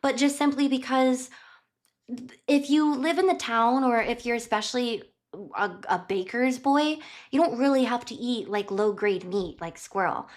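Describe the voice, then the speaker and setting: A woman's voice: a little high, moderate pace. A woman streamer casually recapping a book while tidying her kitchen, chatty and rambling, often correcting herself. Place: home kitchen.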